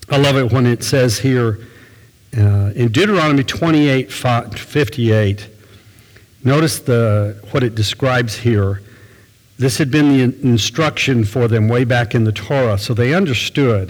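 A man's voice: mid-range voice, a little mellow, breathy edge, long reverb tail, rough recording. An older man, a pastor, preaching a sermon in a folksy, conversational storytelling way.

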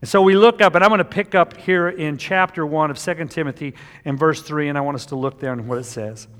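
A middle-aged man preaching a sermon as pastor, emphatic, moving between loud passion and quiet tenderness. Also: a little high, fast. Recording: long hall reverb from a church sanctuary.

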